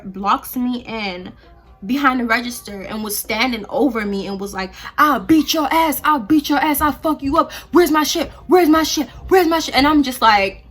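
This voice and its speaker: A young woman vlogger does a storytime while doing her hair, telling it animatedly and acting out the quoted lines. Her voice is a little high with a sharp tone.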